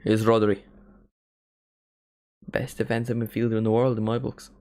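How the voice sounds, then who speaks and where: A man's voice: lowish voice, little pitch movement, normal speed, darkish tone. A man from Northern Ireland with a mild Northern Irish accent, hosting a live football watchalong in a casual, chatty way that includes free swearing. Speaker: watchalong host.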